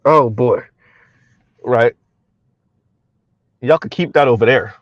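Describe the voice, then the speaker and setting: A man's voice: medium pitch, slow, dry recording, lo-fi sound. A middle-aged man hosting a casual livestream, reading chat aloud, loose and colloquial, with frequent chuckles. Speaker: livestream commentary host.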